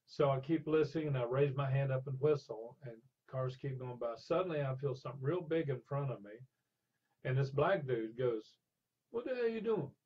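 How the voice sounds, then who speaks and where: A man's voice: mid-range voice, moderate pace, breathy edge. An older man animatedly telling stories in an interview, acting out the people in his anecdotes. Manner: animated storyteller, acts out voices in anecdotes. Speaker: interview guest. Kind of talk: storytelling in a conversational interview. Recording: dull lo-fi sound.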